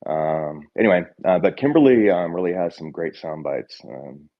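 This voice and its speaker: A man's voice: sits low, animated, moderate pace. A man speaking up in a casual work meeting on a video call, hesitant with many ums. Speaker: team member. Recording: dull lo-fi call audio.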